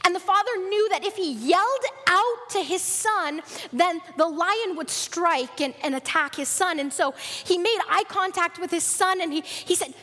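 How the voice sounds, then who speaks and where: Woman, preacher, sermon, earnest storytelling, high voice, long hall reverb. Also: measured pace, sharp tone.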